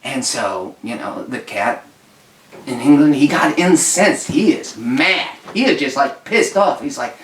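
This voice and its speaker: A man spins a rambling tall tale with a straight face, halting and restarting as he goes. He speaks at an ordinary pitch. The sound is roomy and picked up from some distance. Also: expressive, slight background noise. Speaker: podcast co-host. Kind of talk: casual chat.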